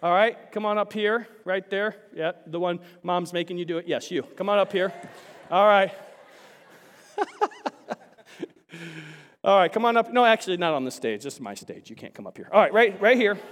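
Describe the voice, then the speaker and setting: High-voiced male preacher in reverberant hall. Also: moderate pace, pauses often. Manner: animated, rising to loud emphatic bursts; chatty asides, frequent restarts. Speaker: pastor. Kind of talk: sermon. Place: large church sanctuary.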